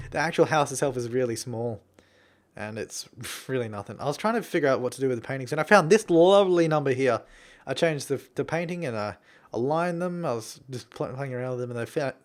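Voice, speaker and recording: Australian guy, young adult, casual gameplay voice-over, rambling, chuckles a lot. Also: mid-range voice. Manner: rambling, self-deprecating, chuckling often. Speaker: game builder commentator.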